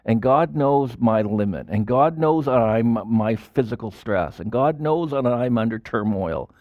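A man preaching a sermon as a pastor, in animated style with sudden loud bursts and quiet drops. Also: mid-range voice, unhurried, no echo, highs cut off.

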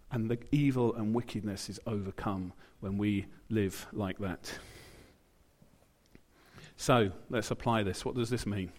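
A man's voice: fairly low pitch, slow pace, long pauses, darkish tone. A British man preaching a sermon in church, in a conversational way, with asides and quotes he acts out. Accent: British English.

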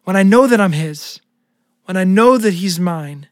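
A man's voice: sits high, lively intonation, moderate pace, dry recording, studio quality. A man co-hosting a devotional podcast, speaking earnestly and searching for words. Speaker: podcast co-host.

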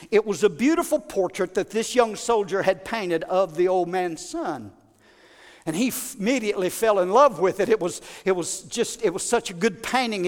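A man preaching a sermon, telling a story dramatically and building to shouted praise in a large church hall. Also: high-pitched. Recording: long hall reverb.

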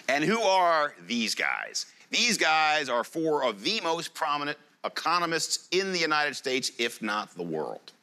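A man giving a live presentation to an audience, joking and quizzing the room as he talks. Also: lowish voice. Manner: jokey, lively presenter. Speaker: conference speaker.

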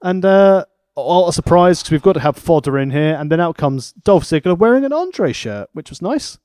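A man co-hosting a podcast, recapping events in a dry, deadpan casual chat. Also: on the high side, normal speed, clear, resonant tone, dry recording. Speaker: podcast co-host.

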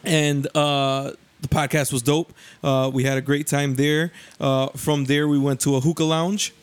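A young man casually telling a story on a podcast, animated and slangy, often laughing and jumping into voices. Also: unhurried, clean tone. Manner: animated, laughing, acts out voices with rising pitch; profane, slangy.

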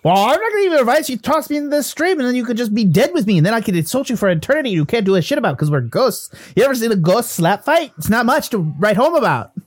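A man's voice: very high-pitched, sing-song, fast talker, few pauses, pitched above the performer's own voice, heavily acted. A man voicing a crude, sarcastic male ghost of a human barkeep with a mock Canadian accent, needling and rambling.

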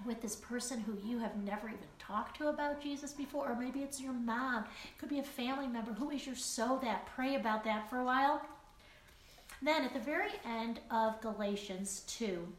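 An earnest woman in her forties leads a Bible study, talking in a fairly high voice and repeating her words as she goes. She sounds a little off the mic in an echoey room, with faint ambience behind her. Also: moderate pace, slight background noise. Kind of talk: Bible study teaching and prayer. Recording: echoey room, voice a bit distant.

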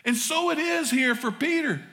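A male pastor with a Southern US accent delivers a folksy sermon to his congregation. His voice sits high and sounds bright and forceful. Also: moderate pace. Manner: folksy, addresses congregation as y'all. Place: church sanctuary.

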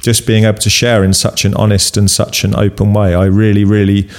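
A man hosting an interview, reflecting in a measured way and repeating key words for emphasis. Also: on the low side, little pitch movement. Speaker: host.

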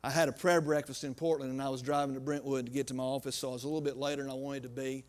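A man preaching a sermon, telling a personal story in a folksy way and acting out the dialogue, swinging from loud to quiet. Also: medium pitch, flat delivery, very fast.

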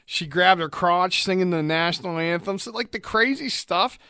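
Male co-host with a fairly high, bright voice and a dry sound, adding quick remarks. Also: smooth, dry recording. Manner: chimes in with short replies and laughs. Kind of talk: casual chat.

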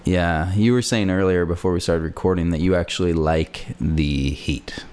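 A man's voice: low voice, normal speed, a little mellow. A man hosting a casual podcast from his apartment, rambling with lots of fillers and self-deprecating asides. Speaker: podcast host. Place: hot apartment with a fan running.

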